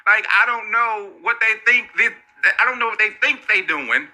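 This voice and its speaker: A man talks brashly and profanely, clearly amused by his own points. His voice is high and very bright. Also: expressive, moderate pace, rough recording. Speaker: social media commentator. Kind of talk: casual commentary to camera.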